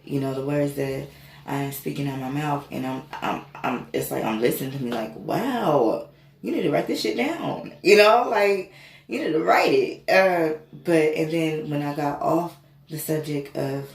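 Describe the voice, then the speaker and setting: A woman's voice: extremely low pitch, gravelly, a little mellow. A woman vlogger casually telling an emotional spiritual story, swearing and rambling with many fillers. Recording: echoey room, faint ambient noise.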